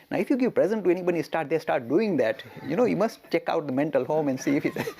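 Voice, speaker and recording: A man giving a storytelling lecture as a religious teacher, animated and chuckling, with rhetorical questions. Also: fairly high pitch, a little fast, gravelly.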